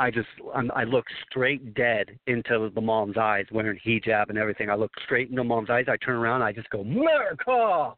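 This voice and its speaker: A man's voice: medium pitch, dry recording. A man from Southern California telling a long story on a talk radio call, rambling and emphatic, with many restarts. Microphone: phone. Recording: dry tinny phone line.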